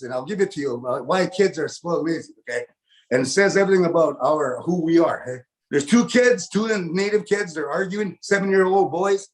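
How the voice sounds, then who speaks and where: A middle-aged man doing stand-up comedy, folksy and animated, who tags his lines with "eh?" and acts out big laughs. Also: a little high. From Canada.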